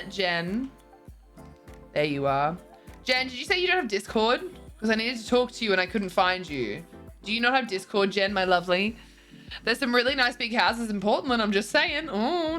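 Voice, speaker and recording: This bubbly streamer, a woman in her twenties, casually reads viewer messages and laughs often. Her voice runs on the high side, pushed and bright. Faint music can be heard in the background.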